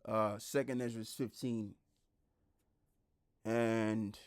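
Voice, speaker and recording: A man preaching online, blunt and repetitive, who drops into a lower, quieter voice when he reads scripture aloud. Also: little pitch movement, drawn-out words, clean tone. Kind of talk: street-style preaching commentary.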